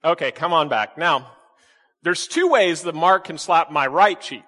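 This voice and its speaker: A man's voice: a little high, a little slow, sharp tone, long reverb tail. A man preaching a sermon to his congregation, quizzing them with frequent questions and playful asides. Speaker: pastor. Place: church sanctuary with congregation.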